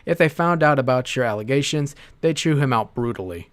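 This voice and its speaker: A man's voice: mid-range voice, lively intonation, a little fast, clean tone. A man on a livestream reading messages aloud in a casual, profane rant with sarcastic asides.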